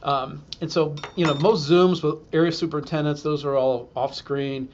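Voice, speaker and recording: A man's voice: fairly high pitch, steady tone, moderate pace, muffled recording, slight background noise. A man, a school superintendent, telling a humorous self-deprecating story to an audience and acting out the quotes.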